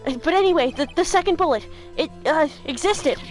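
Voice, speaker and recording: A woman's voice: high voice, lively intonation, a little fast, soft background music. A woman playing a stammering young lawyer guy. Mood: flustered. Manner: stammering, loud and panicky. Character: flustered young male defense lawyer.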